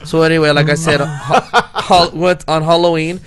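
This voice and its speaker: A man's voice: a little high, fairly even intonation, moderate pace, a crowd in the background. Rambling, laughing male storyteller. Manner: rambling storyteller, heavy on "like" and restarts, laughing often. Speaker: podcast co-host. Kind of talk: casual chat.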